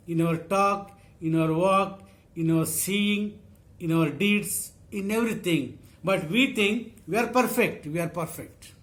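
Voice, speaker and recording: A man preaching a sermon, reading scripture and repeating phrases slowly for emphasis. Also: sits high, fairly bright tone.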